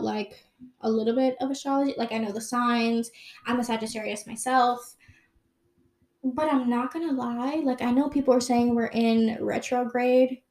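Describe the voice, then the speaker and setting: A young woman with a slightly high voice, chatting casually to her camera as she works through a list of questions. She rambles freely, leaning on "like" and "um" as she goes. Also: darkish tone. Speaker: vlogger. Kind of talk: casual chat answering questions.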